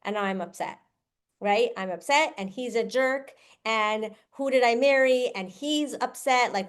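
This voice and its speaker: A woman with a slightly high voice hosts a podcast and gives advice in casual, earnest talk. She is animated and acts out little quoted lines as she explains. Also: a little slow, clear, resonant tone. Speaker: podcast host.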